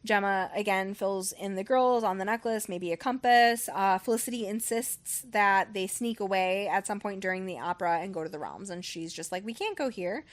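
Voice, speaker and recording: A woman's voice: medium pitch, normal speed, few pauses. Rambling woman recapping a book casually. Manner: rambling, full of "um" and "like"; swears casually. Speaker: book club podcast host.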